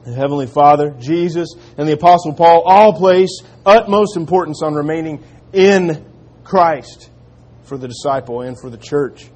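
A man preaching a sermon in an earnest manner, dropping to quiet, slow emphasis on key lines. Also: fairly high pitch. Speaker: pastor.

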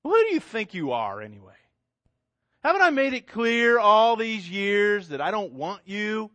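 A man's voice: mid-range voice, big pitch swings, slow, gravelly, a bit bright, no echo, heavily acted. A man voicing a young woman who pushes away an admirer. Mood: defiant. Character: defiant young woman, tired of a suitor.

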